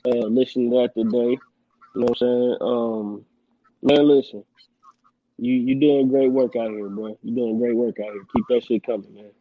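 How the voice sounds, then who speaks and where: A man's voice: medium pitch, fairly even intonation, normal speed, no echo, narrow, tinny audio. A man co-hosting a podcast, laid-back and slangy in casual chat. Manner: laid-back, slangy, "you know what I'm saying". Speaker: podcast co-host.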